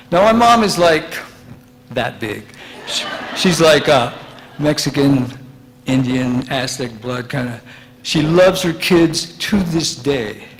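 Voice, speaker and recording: A man in his sixties telling a personal story live in an animated, laughing and profane way. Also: fairly high pitch, slight background noise, rough recording.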